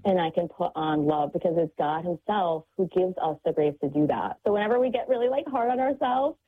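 A woman's voice: fairly low pitch, expressive, brisk, breathy edge. Earnest mother on a tinny phone line. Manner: earnest, reflective, many fillers. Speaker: guest, parent. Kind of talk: faith-based radio conversation. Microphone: phone call.

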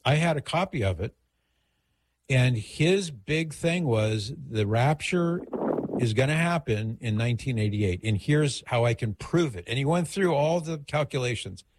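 A man's voice: medium pitch, animated, unhurried, a little hiss or hum. A middle-aged man hosting a radio call-in show, giving advice in a conversational, digressive way.

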